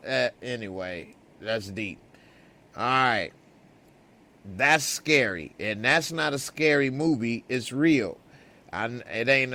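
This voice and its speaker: A man reviewing a TV show on his podcast, talking casually with animated asides. He drawls slowly at a mid-range pitch. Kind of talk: casual chat.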